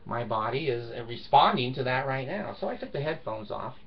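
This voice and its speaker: A man's voice: mid-range voice, very animated, a little fast, lo-fi sound. An older man telling a personal story in a casual vlog monologue, blunt and emphatic, with frequent swearing. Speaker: vlogger.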